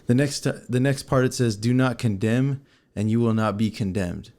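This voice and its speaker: A middle-aged man co-hosting a faith-based conversation, explaining scripture in a relaxed, chatty way and laughing often. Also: mid-range voice, moderate pace. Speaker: co-host. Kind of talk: faith-based casual chat.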